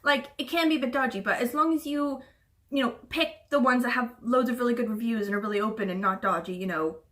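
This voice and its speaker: A woman's voice: on the high side, fast, a bit bright, far from the mic. A woman telling a travel story in a casual, chatty way, with lots of fillers and casual swearing. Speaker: booktuber.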